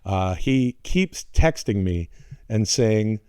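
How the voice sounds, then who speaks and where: A man's voice: lowish voice, lively intonation, takes it slowly, a little mellow, clean tone, dry recording, studio quality. Rambling, swearing man in his forties. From North America. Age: 40s. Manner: rambling, swearing, restarts, put-on voices for relatives. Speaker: podcast co-host. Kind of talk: casual storytelling chat.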